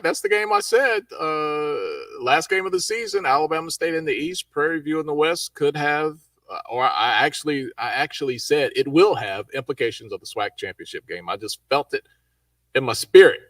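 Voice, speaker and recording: A man hosting a live college football talk show, lively and folksy as he runs through the schedule. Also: fairly high pitch, moderate pace, no echo, recorded from a distance. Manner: lively, folksy, hypes teams. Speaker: show host.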